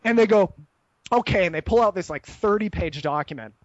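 Profane, rambling high-voiced man. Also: animated, fairly quick, dry recording, highs cut off. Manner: rambling, profane, tags lines with "right?"; acts out voices of people in his story. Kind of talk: casual anecdote telling.

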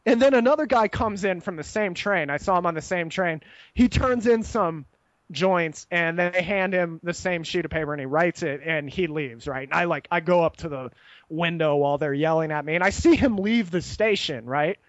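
Profane, rambling high-voiced man. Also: moderate pace, no room sound, dull audio. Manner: rambling, profane, tags lines with "right?"; acts out voices of people in his story. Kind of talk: casual anecdote telling.

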